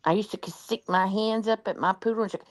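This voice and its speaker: A woman chatting casually with a friend and telling lively everyday anecdotes. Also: medium pitch, quick pace, dry recording. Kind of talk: casual chat.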